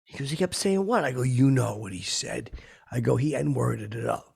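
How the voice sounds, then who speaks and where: A rough, gravelly, very raspy voice carries this washed-up middle-aged comic, as a man puts him on in a podcast monologue. He rambles in loose, tactless asides. His boasting keeps tipping over into sentiment. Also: mid-range voice, steady tone, moderate pace, full character voice. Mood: rambling. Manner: rambling, rough-spoken, tactless, lurching between bravado and sentiment. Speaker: podcast host.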